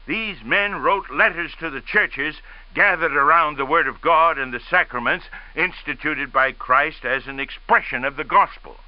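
A man's voice: a little high, no echo, highs cut off. Earnest male radio preacher. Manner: measured, earnest storytelling. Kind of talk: radio sermon.

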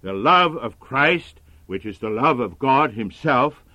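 A man preaching a sermon in a measured, earnest manner. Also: mid-range voice, expressive, pushed and bright, no room sound.

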